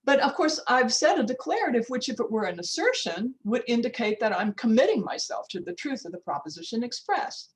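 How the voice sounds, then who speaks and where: An older American woman, a linguistics professor, gives a workshop lecture over a video call in an informal, chatty way, with frequent restarts, asides, and spoken time checks. Her voice is fairly high with big pitch swings, and she talks a little fast with few pauses. The audio is poor.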